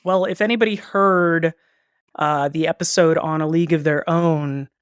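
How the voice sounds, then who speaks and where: A man's voice: a little high, steady tone, moderate pace, fairly bright tone, clear, resonant tone, dry recording. A man co-hosts a podcast in loose, casual chat. He rambles, circles back, and drops in jokes. The mic is close and dry, with no room sound. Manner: rambling, joking, trails off into asides. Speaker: podcast co-host.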